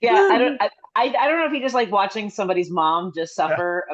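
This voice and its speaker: A middle-aged woman comedian telling stories in a rambling, chatty way with quick asides, over a video call. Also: medium pitch, big pitch swings. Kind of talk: casual comedic storytelling. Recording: slightly dull video-call audio.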